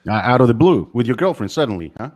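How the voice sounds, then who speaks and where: Male interviewer, mid-pitched, rapid stumbling follow-up questions. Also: sing-song, a little mellow. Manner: quick, stumbling questions, repeats words.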